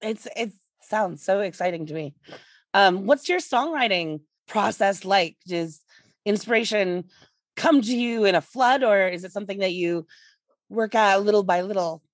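A woman's voice: medium pitch, normal speed, dry recording. A woman interviewer with a friendly, affirming way of talking, asking a musician about his work. The recording is dry, with no room sound. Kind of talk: casual interview questions.

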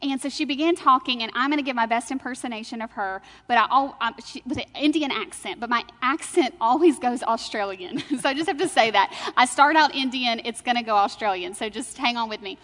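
A young adult woman sharing a church testimony with animated storytelling and frequent laughter. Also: on the high side, fairly quick, few pauses, big-room sound. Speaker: speaker sharing her testimony.

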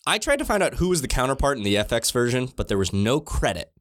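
A man's voice: mid-range voice, sing-song, fast. A man co-hosting a podcast, playful and chatty, often laughing. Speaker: podcast co-host. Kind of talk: casual chat.

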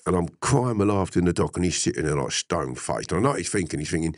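Very deep-voiced man telling a story. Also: quick pace, few pauses, no echo, clean studio sound. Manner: animated storyteller, laughs and swears freely. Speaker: interviewee. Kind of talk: casual storytelling.

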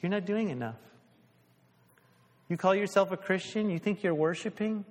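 Man putting on a scornful nagging inner voice, accusing questions, high-ish, long hall echo. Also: a little mellow, natural voice. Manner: badgering rapid questions.

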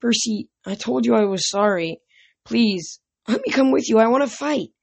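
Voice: medium pitch, expressive, moderate pace, vocal fry, darkish tone, husky, voice pushed up. A young reader voicing a gloomy teenage boy who pleads and sulks, read out from a novel. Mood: pleading.

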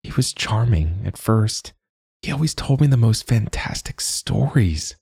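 A man voicing a calm, earnest young female recruit in an audiobook story. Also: on the low side, measured pace, gravelly, husky, no echo, clean studio sound, voice pushed up, exaggerated voice.

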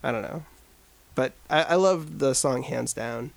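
Gravelly man chatting casually on a podcast. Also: medium pitch, unhurried. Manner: rambling, filler-heavy, jokey. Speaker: podcast co-host. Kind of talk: casual chat.

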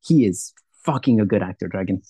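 A man's voice: on the low side, animated, fairly quick, mellow, breathy edge, no room sound. A man co-hosting a podcast in casual chat, emphatic, swearing often and acting out quotes. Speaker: podcast co-host.

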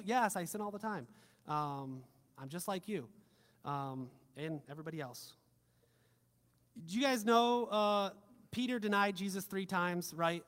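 A man preaching a sermon in a fairly high voice, his delivery swinging from loud emphatic lines to quiet, soft ones. He drops casual joking asides like a pastor talking to his own congregation. The sound carries the long reverb of a big hall.

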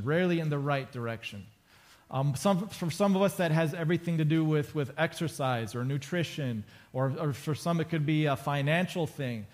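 A man with a somewhat high voice preaches to his congregation in a relaxed, conversational way. He jokes easily and leans on repetition, saying key phrases twice to drive them home. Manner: casual and joking, repeats phrases for emphasis. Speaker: pastor. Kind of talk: conversational sermon. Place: church sanctuary before a congregation.

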